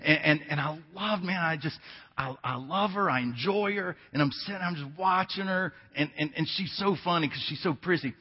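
Husky high-voiced pastor in his fifties. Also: normal speed, in a large hall, lo-fi sound. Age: 50s. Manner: conversational storytelling with emphatic repetition. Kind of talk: sermon.

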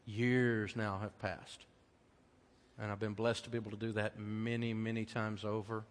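A middle-aged American man preaching a sermon as pastor, telling personal stories in a conversational way that swings from loud emphasis to hushed tenderness. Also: on the low side, little pitch movement, moderate pace. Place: church auditorium. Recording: long hall reverb.

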